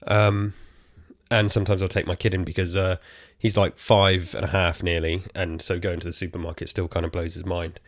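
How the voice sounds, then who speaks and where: A British man in his thirties hosting a casual solo gaming podcast from a quiet room at home, rambling and slightly out of breath. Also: low voice, little pitch movement, normal speed, no room sound, clean studio sound. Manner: rambling, chatty, self-correcting asides. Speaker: podcast host.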